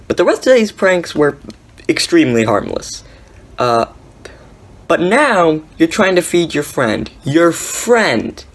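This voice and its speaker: A young woman giving sarcastic, incredulous reaction commentary on prank videos, laughing often. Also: on the low side. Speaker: commentary YouTuber.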